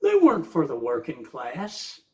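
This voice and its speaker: A man's voice: on the high side, huge pitch swings, measured pace, creaky. An older man, rambling fervently in a casual morning monologue, with many filler uhs. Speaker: vlogger.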